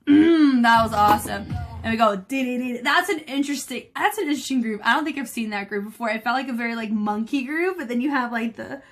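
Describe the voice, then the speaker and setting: A woman's voice: on the high side, fast talker, a bit bright. A woman choreographer from the United States, giving chatty, enthusiastic dance reaction commentary and scatting along to the beats. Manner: scats and counts beats along with the music. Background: faint music.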